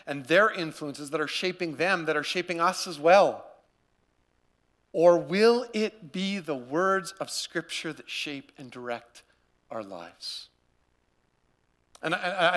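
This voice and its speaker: A man preaching a sermon, earnest and repetitive, swinging between loud urging and quiet gravity. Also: on the high side, a little slow. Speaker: pastor.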